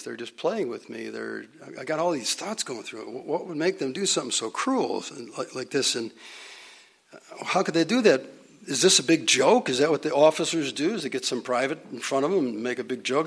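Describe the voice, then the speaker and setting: Gravelly-voiced man preaching with a story. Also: on the high side. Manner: dramatic pauses, drops to a near whisper. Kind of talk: storytelling sermon.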